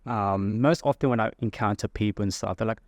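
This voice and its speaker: A man's voice: lowish voice, a little fast, dry recording, clean studio sound. A man from Darwin with an Australian accent, a podcast guest chatting casually and acting out quoted exchanges with frequent laughs. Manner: animated storyteller, acts out quotes, laughs often. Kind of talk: casual chat.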